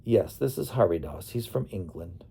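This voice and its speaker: A playful young Australian woman answers with quick, teasing retorts, voiced by a male narrator. Her voice sits in a low, mellow register. It comes across as soft and relaxed rather than bright. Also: vocal fry, husky, exaggerated voice.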